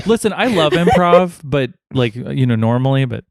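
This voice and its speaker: A man's voice: medium pitch, animated, normal speed, creaky, dry recording, studio quality. A man co-hosting a casual podcast, teasing and wry with mock drama. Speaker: podcast co-host.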